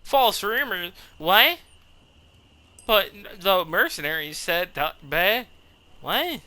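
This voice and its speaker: A man's voice: high-pitched, sing-song, slow, sharp tone. A man streaming a game who chats casually, swears freely and talks back to the characters on screen. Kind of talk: casual live gameplay chat. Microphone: desk microphone.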